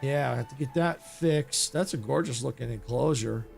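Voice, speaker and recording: A man streaming a video game live, thinking aloud in a casual, excitable way. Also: mid-range voice, normal speed, creaky, soft background music. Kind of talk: live gameplay commentary.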